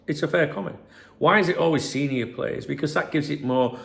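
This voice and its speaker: A man's voice: on the high side, a little fast, gravelly, fairly bright tone. A man hosting a football channel, talking casually and mocking press claims in a rambling, sarcastic way. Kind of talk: casual commentary to camera.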